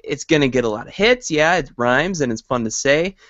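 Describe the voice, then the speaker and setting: A man's voice: fairly high pitch, expressive, fairly quick, fairly bright tone, dry recording. A man hosting a podcast, chatting casually with lots of fillers and easy laughs. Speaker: podcast host. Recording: dry, dull lo-fi audio.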